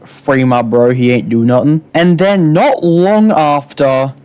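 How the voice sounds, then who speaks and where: A man's voice: fairly high pitch, takes it slowly, a little mellow, clean tone. A man ranting through online drama commentary, exasperated and sarcastic, swearing often. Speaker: YouTube commentator.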